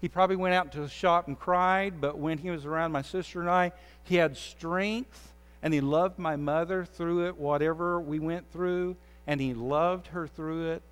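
A man's voice: a little high, fairly even intonation, normal speed, hardly any pauses, clean tone, long reverb tail. A man preaching a conversational sermon as the pastor. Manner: conversational preaching, pleading with the audience.

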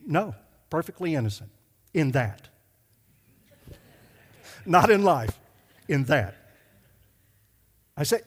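A middle-aged male pastor telling a story in a sermon, emphatic and slowing down to stress his points. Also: fairly high pitch, very animated. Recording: hall reverb.

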